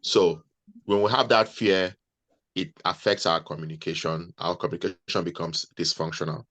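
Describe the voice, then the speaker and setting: A man, a guest on a video call, giving measured, deliberate advice to nurses. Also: low voice, steady tone, a bit bright, dry recording. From Nigeria.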